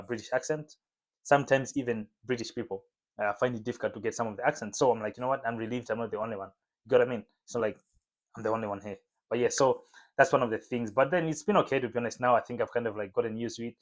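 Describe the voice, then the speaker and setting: A man talking casually to camera in a home vlog, relaxed and chatty with lots of fillers. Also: mid-range voice. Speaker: vlogger. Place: home room lit by a window.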